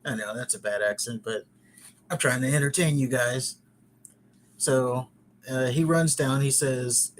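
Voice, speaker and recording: Rambling through a casual wrestling recap on his podcast, this male host keeps things chatty and tosses in jokes. He has a medium-pitched voice, speaks a little slowly with long pauses, and faint background noise is audible.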